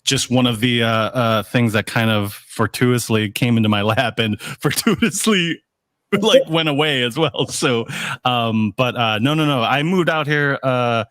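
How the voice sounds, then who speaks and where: A man's voice: mid-range voice, unhurried, a bit bright, no room sound, studio quality. A man guest on a casual video-call interview, rambling with lots of fillers and repeated yeahs.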